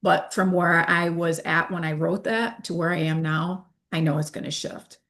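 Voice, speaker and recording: A woman's voice: lowish voice, steady tone, moderate pace, fairly bright tone. A woman in her fifties, an interview guest who talks candidly and acts out the dialogue she quotes. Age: 50s.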